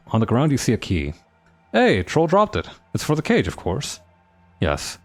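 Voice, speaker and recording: A man's voice: medium pitch, wildly swooping pitch, moderate pace, faint music behind. A man streaming a game live, reading its text aloud with playful comments.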